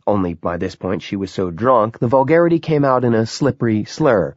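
A man narrating a novel in a lively, dramatic reading. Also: medium pitch, a little fast, hardly any pauses, dry recording. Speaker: audiobook narrator. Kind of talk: scripted narration. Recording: dull, lo-fi sound.

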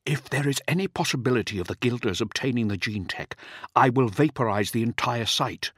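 A loyal officer speaks in an earnest, measured way, pitched noticeably above the narrator's own voice, as a man puts him on. The sound is close and dry. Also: a bit bright, husky, dry recording. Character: loyal, calm male officer pleading.

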